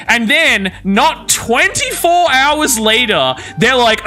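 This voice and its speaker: A man talking casually on his stream, sarcastic and full of swearing. His bright voice swoops up and down as he talks, and he takes his time with the words. Faint music plays behind him. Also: extremely high pitch, very animated, extremely slow, hardly any pauses. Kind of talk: casual reaction commentary on stream.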